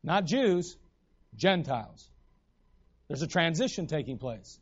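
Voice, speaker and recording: A man preaching a sermon in an animated way, acting out the voices in the stories he retells. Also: on the high side, slow pace, slightly rough, highs cut off.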